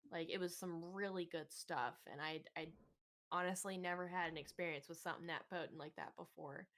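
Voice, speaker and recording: A woman's voice: lowish voice, steady tone, a little fast, fairly bright tone. A woman telling a long funny story on a podcast in casual chat, laughing often and acting out other people's lines. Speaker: podcast co-host.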